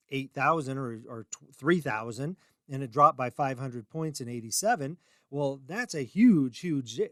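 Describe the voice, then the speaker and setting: A man's voice: medium pitch, fairly bright tone, dry recording, clean studio sound. A middle-aged man hosting his own radio show, talking in a chatty, rambling, self-deprecating way with emphatic rises. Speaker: radio show host and reverse mortgage salesman. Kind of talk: casual talk radio monologue.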